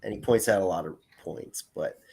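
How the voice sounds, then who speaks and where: A man's voice: deep voice, brisk, darkish tone, a little hiss or hum. A man around thirty, a guest calling into a livestream, talking casually with many fillers and restarts. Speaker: guest caller. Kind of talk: casual chat.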